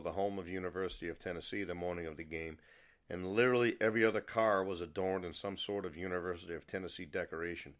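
A man's voice: sits low, a bit bright. A middle-aged man from New England hosting a podcast, telling a personal story with wry asides. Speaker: podcast host.

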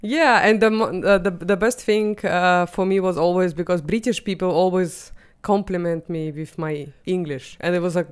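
A woman from Russia speaking English with a Russian accent as a comedy guest, lively and halting with frequent fillers. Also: on the low side, smooth. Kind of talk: casual comedy podcast chat.

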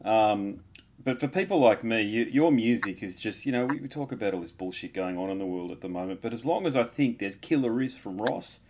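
A man's voice: on the low side, lively intonation, a little fast, background noise. A man hosting an interview, talking casually with effusive, fan-like praise and some swearing. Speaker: interviewer host.

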